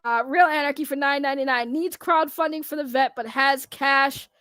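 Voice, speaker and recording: High-voiced sarcastic streamer woman. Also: fairly even intonation, moderate pace, a bit bright, no room sound, clean studio sound. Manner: rambling, sarcastic, frequent restarts and laughs. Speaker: commentary streamer. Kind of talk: casual live-stream commentary.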